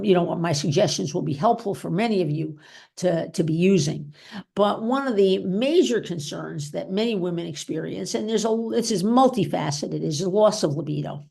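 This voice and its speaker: A woman's voice: lowish voice, gravelly, a little mellow. A woman physician giving an informal talk and taking questions, chatty and full of "okay?" and "you know". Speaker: physician presenter.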